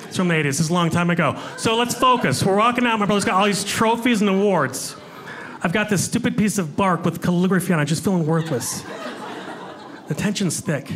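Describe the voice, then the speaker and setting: A man's voice: high voice, a little fast, a bit bright. A man performing a stand-up comedy set on a club stage, chatty and self-mocking, talking with the crowd. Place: comedy club stage before a live audience. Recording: live club recording with audience noise.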